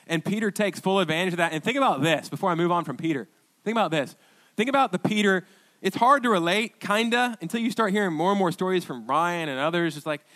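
A male pastor preaching a sermon, telling a story with lively quoted voices and emphatic, conversational delivery. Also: a little high.

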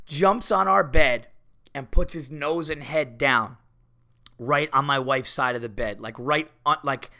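A middle-aged man hosting a podcast, telling stories in a casual, animated way while fighting off a cold. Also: fairly high pitch, takes it slowly. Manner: animated storytelling, exaggerated retelling. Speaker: podcast host.

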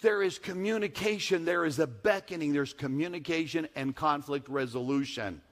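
A man preaching a sermon, repeating key phrases and swinging from hushed tones to loud calls. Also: on the high side, moderate pace. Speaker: pastor.

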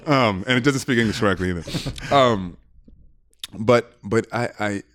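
A man with a fairly low voice chats as a podcast guest. He muses out loud, laughs often, and restarts his sentences as he thinks. His tone is relaxed and conversational. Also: moderate pace. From United States. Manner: laughing, reflective, repeats words while thinking. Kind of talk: casual conversation.

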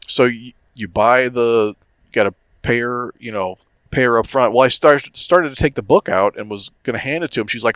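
A man's voice: medium pitch, fairly quick, a bit bright, smooth, no room sound. A middle-aged man co-hosting a casual podcast, telling a story in a profane, worked-up rant. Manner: profane, ranting storyteller who gets worked up. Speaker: podcast co-host.

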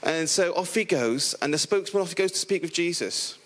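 Animated playful preacher, man. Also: a little high, a little fast, slight background noise. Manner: playful, animated storytelling with voiced characters. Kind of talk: lively sermon.

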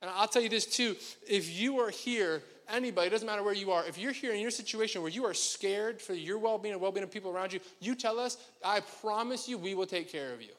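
A man's voice: high voice, fast, few pauses, fairly bright tone, in a large hall. A man preaching a sermon to his congregation, talking in a conversational, joking way straight to the people in front of him. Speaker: pastor. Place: church sanctuary.

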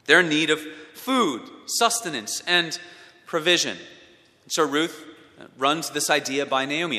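A man's voice: on the high side, animated, a little slow, bright, forceful tone. A man giving a sermon as a pastor, asking his listeners questions and repeating words as he thinks. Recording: long hall reverb.

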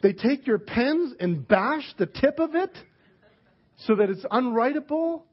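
A higher-voiced man preaching in a relaxed, joking way. He slips into quick acted-out lines of other people. The recording sounds dull and muffled. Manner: candid, joking, acts out quoted people. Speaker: pastor. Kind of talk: casual conversational sermon.

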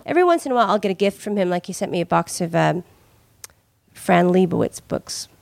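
A woman's voice: lowish voice, expressive, quick pace, gravelly, darkish tone, no room sound. A woman comedian in casual podcast chat, rambling with many "like"s. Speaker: comedian guest.

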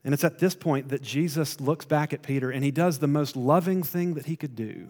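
A man preaching a sermon, retelling a story with emphatic rises and quiet drops. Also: fairly high pitch, a little fast, hardly any pauses, big-room sound. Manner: storytelling, rising to emphatic then dropping to quiet.

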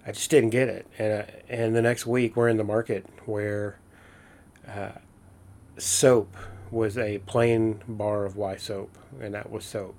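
A man's voice: on the low side, fairly even intonation, unhurried, darkish tone. A man in casual, earnest storytelling, using folksy fillers and restarts as he reflects. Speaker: host of a reflective talk.

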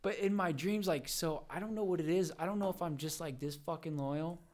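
A man's voice: a little high, fairly quick, a little mellow. A young man telling a rambling dream story on a podcast, full of fillers and acted-out quotes. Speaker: podcast guest. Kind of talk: casual chat.

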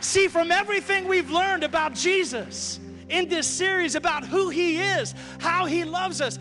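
A man's voice: very high voice, lively intonation, a little slow, over music. A man preaching a sermon to a church congregation, calling for responses and repeating key phrases for emphasis. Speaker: pastor.

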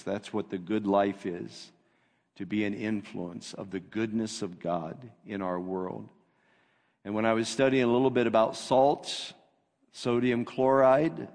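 A man's voice: fairly low pitch, darkish tone. A man preaching a sermon as pastor, reading scripture with rising emphasis. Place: church sanctuary. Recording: long reverb of a church hall.

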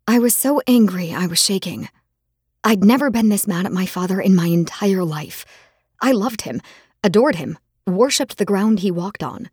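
A woman reads a fantasy novel aloud in the first person, dramatic and expressive. Her voice is husky and breathy, recorded dry and close with no room sound. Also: medium pitch, normal speed, dry recording. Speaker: audiobook narrator. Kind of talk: first-person scripted narration.

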